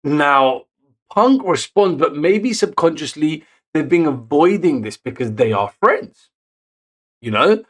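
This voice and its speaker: A man recapping a wrestling show in casual narration, getting excited on the big moments and correcting himself as he goes. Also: on the high side, slow. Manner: self-correcting, picks words as he goes.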